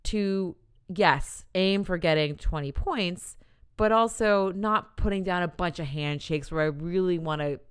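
Brief: female podcast co-host, very low and smooth voice, teasing humor, close dry sound. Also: measured pace, no room sound. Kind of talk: casual chat about board games.

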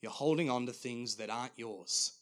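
A man voicing a firm, serious Jesus figure, repeating his demand slowly and insistently within a sermon story. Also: mid-range voice, lightly acted. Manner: slow, insistent repetition.

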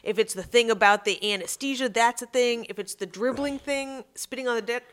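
A woman co-hosting a comedy podcast, blunt and exasperated, who swears freely as she banters. Her voice is pitched a little high. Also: fairly quick, a bit bright. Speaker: podcast co-host.

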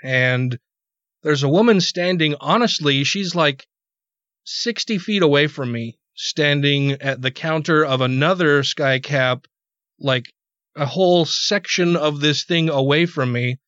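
A man's voice: fairly high pitch, unhurried, fairly bright tone, no echo. A man hosting a podcast, telling a rambling story in casual chat, cursing freely and repeating words when worked up. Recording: dull, dry podcast audio.

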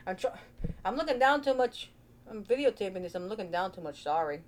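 A woman's voice: mid-range voice, lively intonation, brisk. A woman hosting a casual vlog, chatty and playful, thinking aloud into her own microphone. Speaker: vlogger host.

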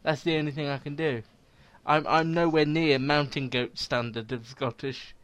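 A man hosts a casual podcast in a slightly higher voice, chatty and jokey. He is recorded dry on a close mic. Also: steady tone, normal speed, fairly bright tone, no room sound. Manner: chatty, jokey, laughs often. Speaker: podcast host and website editor.

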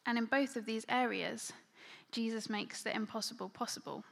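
A woman's voice: on the high side, steady tone, moderate pace, vocal fry, fairly bright tone, big-room sound. A woman preaching a sermon in a conversational, filler-heavy way, often dropping to a near-whisper. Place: church hall.

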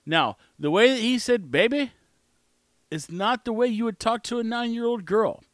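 A man's voice: very high-pitched, moderate pace, dry recording. A man hosting his own show, rambling through an opinionated casual monologue. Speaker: podcast host.

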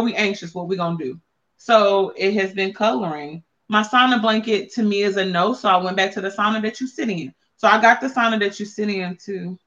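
A woman host talks through her days in casual chat, blunt and playful with salty slang. Her voice is bright and forceful. The recording sounds a bit dull and lo-fi. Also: medium pitch. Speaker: podcast host and wellness coach.

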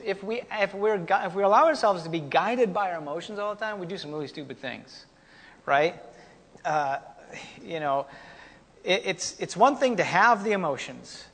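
A man preaching a conversational, animated sermon as pastor. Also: high-pitched. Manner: conversational, animated, folksy teaching with asides. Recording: long hall reverb.

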